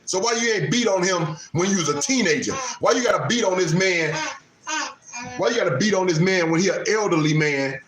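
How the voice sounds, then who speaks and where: A livestream host in his late fifties, speaking Southern American Black vernacular, delivers a preachy talk on honoring parents and repeats his points for emphasis. His high, fairly bright voice moves briskly with lively intonation. The audio is poor and reverberant, with slight background noise.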